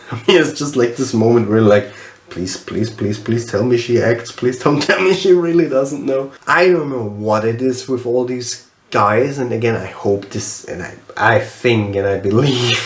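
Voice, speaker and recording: A man ranting casually to camera in an exasperated, incredulous way, often restarting his sentences. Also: medium pitch. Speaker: tech vlogger reviewing a TV show. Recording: echoey room.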